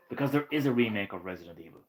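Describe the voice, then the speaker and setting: A man streaming retro games live, ranting and swearing with bursts of excitement and laughter. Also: lowish voice, rough recording. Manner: ranting, profane, excitable, laughs at own jokes. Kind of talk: casual live-stream chat.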